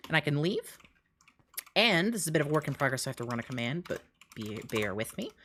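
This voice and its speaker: A young woman streaming live, out of breath and rushing through an excited walkthrough of her game mode, laughing between phrases. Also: low voice, slight background noise.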